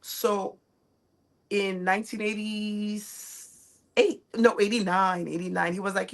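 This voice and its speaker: Gravelly-voiced woman telling her story. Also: mid-range voice, takes it slowly. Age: 40s. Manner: animated, acts out family quotes. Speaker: guest chef and restaurateur. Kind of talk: casual storytelling interview.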